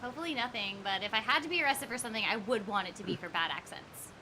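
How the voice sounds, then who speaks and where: A woman's voice: a little high, animated, very fast, noisy background. A woman from the United States chatting casually and giggling on a game stream as its host. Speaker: streamer and voice actor. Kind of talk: casual chat while gaming.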